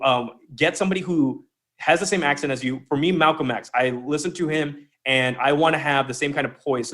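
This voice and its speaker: A man's voice: medium pitch, a bit bright. A man who is a guest author on a podcast, talking playfully and demonstrating different ways of speaking. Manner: playful, demonstrative, shifts voice to illustrate. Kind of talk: casual conversational interview.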